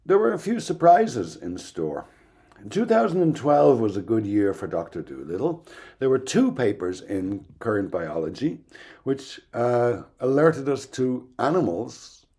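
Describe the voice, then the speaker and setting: A man's voice: mid-range voice, mellow. A man giving a recorded university lecture in a conversational, wry and emphatic way.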